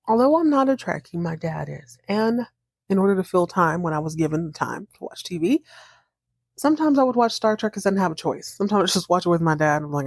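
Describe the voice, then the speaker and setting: Female podcast host, casual recap, slightly low voice, mimics characters for fun. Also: expressive, normal speed, darkish tone, dry recording, clean studio sound. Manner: chatty, acts out characters' lines with playful voices.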